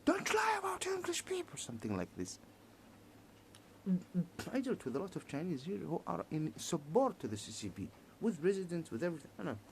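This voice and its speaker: A man giving a heated political monologue in halting, repetitive English, restarting his sentences often. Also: on the high side, sing-song, creaky, a little mellow, slight background noise.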